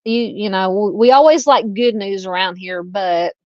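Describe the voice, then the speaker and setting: A woman's voice: medium pitch, normal speed, dry recording, dull audio. A woman with a Southern US accent hosting a true-crime live stream, chatting casually and reading out viewer comments. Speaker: livestream host.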